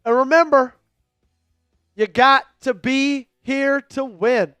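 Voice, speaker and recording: A man's voice: very high-pitched, steady tone, slow, a bit bright, clean tone, no room sound, soft background music. A man hosting a fan live stream, running a raffle and calling plays from a game in a casual, hyped way. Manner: hypes donors and raffle, calls the game. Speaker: livestream host.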